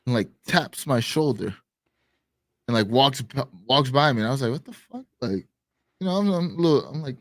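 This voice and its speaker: A man co-hosting a live stream show, telling a story in casual chat, animated and swearing, acting out quotes loudly. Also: medium pitch, brisk, no echo, clean studio sound. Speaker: podcast co-host.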